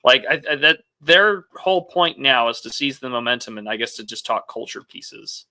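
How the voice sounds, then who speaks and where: A man's voice: mid-range voice, lively intonation, normal speed, bright, forceful tone, no room sound. A man co-hosting a podcast in casual chat, talking loosely with hedges and fillers. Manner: loose, hedging, filler-heavy. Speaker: podcast co-host.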